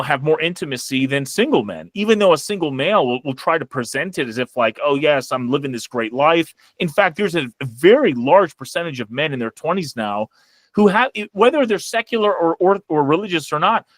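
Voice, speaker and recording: A man's voice: fairly high pitch, expressive, a little fast, no echo. A man on a casual podcast, reasoning aloud thoughtfully with fillers. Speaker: podcast guest or host.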